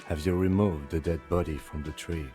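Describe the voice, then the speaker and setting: An actor playing a calm, reserved police lieutenant in a detective game, polite and businesslike. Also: male voice, low voice, normal speed, soft background music, close to an everyday voice. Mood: composed. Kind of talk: scripted game dialogue.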